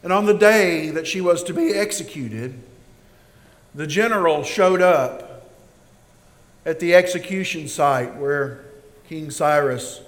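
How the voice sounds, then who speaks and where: A man preaching a sermon as pastor, slow and emphatic, building in intensity. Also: a little high. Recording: long reverb of a large hall.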